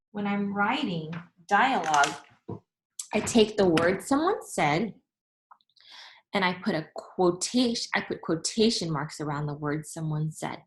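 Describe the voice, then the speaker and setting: A woman's voice: mid-range voice, poor audio. A woman teacher giving a recorded lesson, explaining patiently and addressing her students directly. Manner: patient and deliberate, repeats and rereads examples aloud. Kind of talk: recorded remote classroom lesson.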